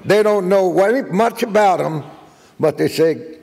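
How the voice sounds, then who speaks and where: An older man giving a guest speech, telling jokey anecdotes as an animated raconteur. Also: high voice, measured pace, gravelly, husky, in a large hall. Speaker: guest speaker.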